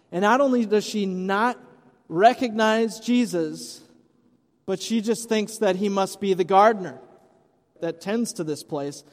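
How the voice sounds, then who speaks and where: A man's voice: sits high, a little mellow. A man preaching an Easter sermon as pastor, retelling the story conversationally with light humor. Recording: long hall reverb.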